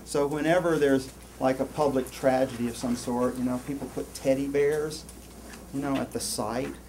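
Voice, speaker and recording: A man giving a university lecture, rambling and animated, with many restarts and asides to the class. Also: medium pitch, moderate pace, a little hiss or hum. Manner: animated, rambling, lots of self-interruptions. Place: lecture hall.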